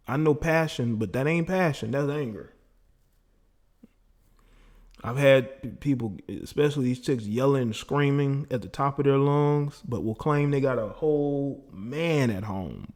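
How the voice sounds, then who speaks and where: Hosting a relaxed livestream that takes call-ins, a man laughs and brags while talking to callers and his chat. His mid-range voice is a little mellow, moving at normal speed with hardly any pauses.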